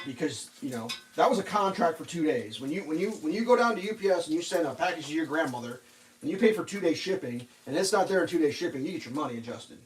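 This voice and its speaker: Sarcastic, high-voiced man ranting. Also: animated, fast, distant mic, poor audio. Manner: sarcastic, exasperated. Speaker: cooking vlogger. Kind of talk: casual ranting story while cooking. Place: home kitchen.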